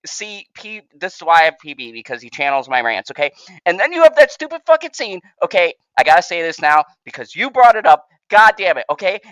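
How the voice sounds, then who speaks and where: A woman's voice: a little high, no echo, low-quality recording. A woman co-hosting a podcast, ranting hard and swearing through a heated movie complaint, worked up and sweating. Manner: heated, swearing, loud and emphatic. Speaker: podcast co-host. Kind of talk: profane ranting commentary.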